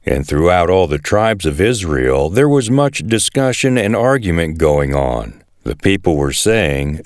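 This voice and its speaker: A man reading a Bible passage aloud in an expressive storytelling way. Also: low-pitched, unhurried, hardly any pauses, no echo, clean studio sound. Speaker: Bible reader. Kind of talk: scripted scripture reading.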